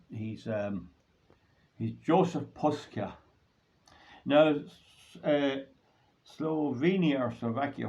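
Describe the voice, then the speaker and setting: A man's voice: fairly low pitch, a little mellow. An Irish man hosting his own channel, delivering a rambling, indignant solo monologue that grows heated. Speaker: host of a commentary channel. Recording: dull lo-fi recording.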